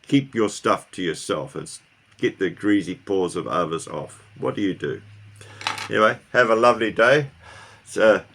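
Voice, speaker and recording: A middle-aged man talks casually to his camera in a fairly low voice. He rambles, restarts his sentences and keeps asking his viewers questions. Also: lively intonation, moderate pace, gravelly, a bit bright. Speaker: car vlogger. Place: New Zealand.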